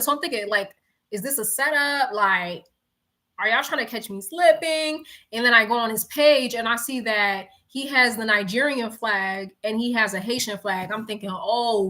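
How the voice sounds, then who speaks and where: A young woman from New York telling a slangy, animated story to her viewers in casual chat, swearing freely and talking straight to the audience. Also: a little high. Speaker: live-streaming storyteller.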